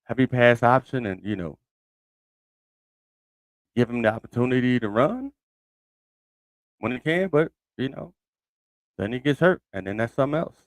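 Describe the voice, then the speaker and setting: A man hosts his own sports podcast in a loose, conversational way, thinking aloud and circling back on his points. His voice sits at an ordinary middle pitch. The sound is dry and close, with almost no room around it. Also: expressive, normal speed, long pauses, no echo. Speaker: podcast host. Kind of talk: casual solo sports commentary.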